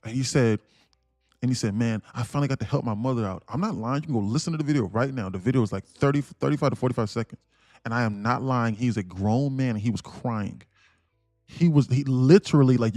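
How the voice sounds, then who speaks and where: A man's voice: mid-range voice, brisk, mellow, no echo, studio quality, faint music behind. Emphatic man ranting on a trading stream. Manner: emphatic, repetitive, laughs between points. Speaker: day trader streaming live. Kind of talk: livestream rant and trading commentary.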